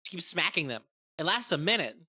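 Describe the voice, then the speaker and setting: A woman chatting excitedly about a tabletop game, profane and rambling, often restarting her sentences. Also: lowish voice, a little fast, husky. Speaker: game content creator. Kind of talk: casual tabletop game review.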